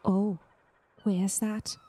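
A woman's voice: mid-range voice, flat delivery, drawn-out words, dark tone, slightly rough. A woman voicing a nervous, polite young bird-person cleric who speaks hesitantly.

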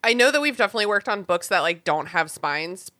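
A woman with a bright, forward voice chats casually on a podcast. She talks in quick, loose sentences full of "like"s. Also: mid-range voice, expressive. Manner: chatty, with lots of "like"s. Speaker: podcast co-host. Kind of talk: casual chat.

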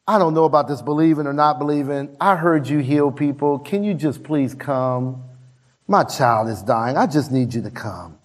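A man voicing a desperate father who begs for his dying son, his voice climbing high as he pleads. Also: normal speed, close to an everyday voice. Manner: pleading, rising to a high, strained wail.

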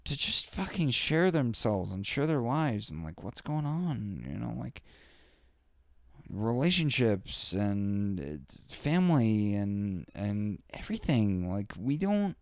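A man's voice: fairly low pitch, sing-song, slow pace, a little mellow, no room sound, clean studio sound. A young man hosting a podcast, talking in a rambling, profane and heartfelt solo rant full of fillers. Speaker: podcast host. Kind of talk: candid solo podcast monologue.

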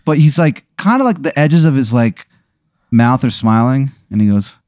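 Mellow man narrating a rambling hypothetical. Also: medium pitch, expressive, normal speed, dry recording, clean studio sound. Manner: rambling, full of "like" and "kinda". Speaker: host running an improvised hypothetical. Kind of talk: improvised comedic storytelling.

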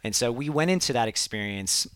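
A man's voice: medium pitch, expressive, fairly quick, a bit bright, clear, resonant tone, dry recording. A man hosting a podcast, telling a personal story in a casual, reflective way, with lots of fillers. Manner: reflective, earnest, frequent fillers like "like" and "um". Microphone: headphones and studio mic.

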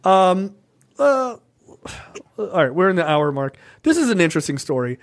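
At a normal speed, a man whose voice sits high co-hosts a podcast and talks politics. He swears a lot, stays animated, and rambles, repeatedly adding "right?".

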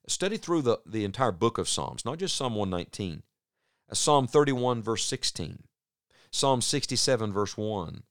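Earnest male preacher, smooth clear low voice, no room sound at all. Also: dry recording, clean studio sound. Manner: earnest, with emphatic slow pauses. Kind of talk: broadcast sermon.

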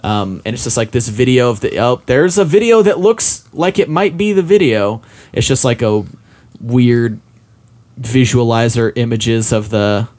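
A man's voice: mid-range voice, lively intonation, measured pace, darkish tone. A man in his twenties co-hosting a casual chat, rambling and self-mocking, full of "like" and "um". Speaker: podcast co-host discussing a game.

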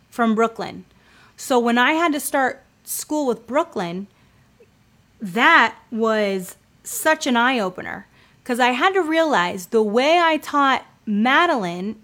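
A woman's voice: a little high, lively intonation, a little slow, a bit bright. A woman in her thirties, a homeschooling mother, giving earnest, conversational faith-based advice with frequent fillers.

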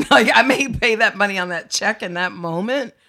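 Female co-host, mid pitch, bright tone, playful and teasing. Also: moderate pace. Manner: playful, teasing, drops into soft voices. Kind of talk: casual podcast banter.

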